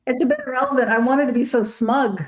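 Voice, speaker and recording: A woman co-hosting a casual livestream chat, offering gentle, supportive replies. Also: fairly high pitch, fairly even intonation, quick pace, a loud crowd. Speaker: co-host.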